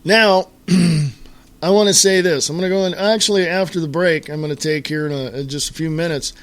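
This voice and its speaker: A man's voice: on the high side, fairly even intonation, a bit bright. A man hosting a solo talk radio show, ranting in an exasperated way to his listeners with lots of fillers and restarts. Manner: halting with fillers and repeated starts.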